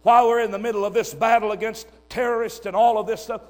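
High-voiced older preacher. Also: male voice, fairly even intonation, fast. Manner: emphatic, swings between loud and hushed. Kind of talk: sermon.

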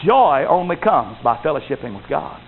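A high-voiced man preaches with a very lively, swooping pitch, rising to loud exclamations and dropping to low asides. The sound is thin and phone-like, with a faint hiss behind it. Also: normal speed, gravelly. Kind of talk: sermon.

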